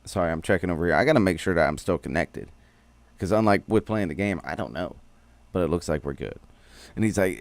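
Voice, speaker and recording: A man's voice: low-pitched, lively intonation, fairly quick, gravelly, no echo. A man streaming a casual, rambling recap of a cartoon episode, full of slang and swearing.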